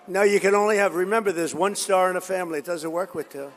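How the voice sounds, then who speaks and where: A man's voice: high voice, steady tone, fast, few pauses, some chatter behind. A man giving a rambling, boastful political rally speech, repeating himself and drifting into stories. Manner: boastful, repetitive, digressive storytelling. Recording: reverberant hall.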